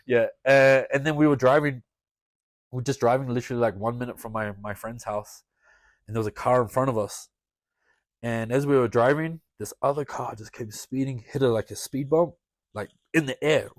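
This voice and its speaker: A man's voice: mid-range voice, dry recording. Dry, close-miked man telling a story. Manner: swears a lot, laughs through the story. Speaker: wrestler guest. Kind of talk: casual storytelling. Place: podcast studio.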